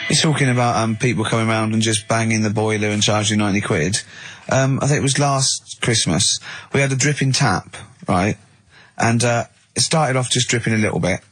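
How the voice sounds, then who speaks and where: A man tells a rambling story in casual radio banter from a studio, slipping into the voices of the people in it. His voice is husky and a touch rough, and the sound is close and dry, with no room around it. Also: fairly low pitch, brisk, fairly bright tone, no room sound. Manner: rambling anecdotes, acting out the people he quotes. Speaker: radio co-host.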